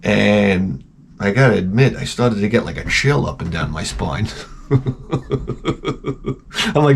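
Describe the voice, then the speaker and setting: A middle-aged man hosting a casual show, telling rambling, profane stories and jumping into loud, high-pitched exclamations when he quotes himself. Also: lively intonation, a little slow, gravelly, long pauses, a little hiss or hum. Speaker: host. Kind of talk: casual storytelling rant.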